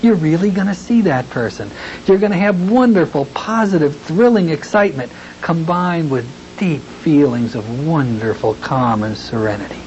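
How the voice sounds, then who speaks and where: A man explains hypnosis technique to trainees in an easygoing, folksy lecture, easing into a slow, soothing delivery when he acts out his suggestions. The recording is dull and lo-fi, with a faint hiss under the voice. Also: a little high, expressive, a little mellow. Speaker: hypnotherapy instructor.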